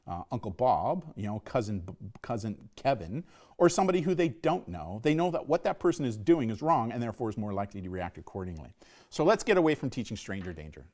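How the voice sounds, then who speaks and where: A middle-aged man giving a live online safety talk to parents, emphatic and often tagging his points with "right?". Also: medium pitch. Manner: emphatic, repeats "right?" as a tag.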